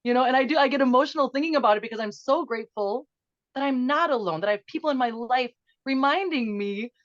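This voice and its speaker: A middle-aged woman guest speaking earnestly and emotionally in quick bursts, then slowly guiding a breathing exercise. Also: sits high, no echo, muffled recording. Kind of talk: conversational interview, guided breathing.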